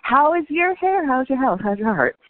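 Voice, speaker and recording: A woman hosting a casual chat, asking questions in a measured, supportive way. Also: sits high, big pitch swings, no echo. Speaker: podcast host. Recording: tinny phone-like remote line.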